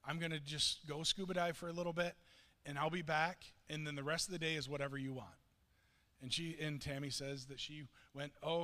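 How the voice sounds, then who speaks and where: A man's voice: on the high side, sharp tone. A man preaching a sermon, telling a story earnestly with frequent restarts. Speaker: pastor. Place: church sanctuary. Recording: long reverb of a church hall.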